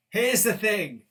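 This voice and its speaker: A British man with a high-sitting, sharp-toned voice hosts a casual film review chat. He comes across enthusiastic and opinionated, dropping the occasional swear word.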